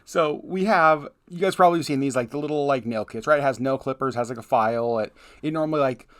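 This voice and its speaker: A man's voice: medium pitch, fast, a bit bright. A man in his thirties co-hosting a casual podcast with his wife, joking about himself and laughing often. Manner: playful, self-mocking, laughs often. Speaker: podcast co-host. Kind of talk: casual chat.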